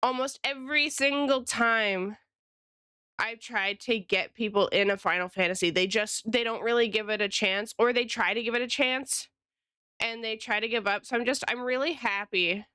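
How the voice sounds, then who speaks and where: A woman's voice: a little high, moderate pace, pushed and bright, smooth, dry recording, studio quality. A woman streamer and illustrator chatting casually with her live viewers, rambling and greeting them by name.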